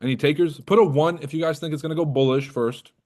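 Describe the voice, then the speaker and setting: A man's voice: a little high, quick pace, a little mellow. A man hosting a trading livestream in casual, profane, joking talk, roasting and teasing his viewers. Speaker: trading coach and livestream host.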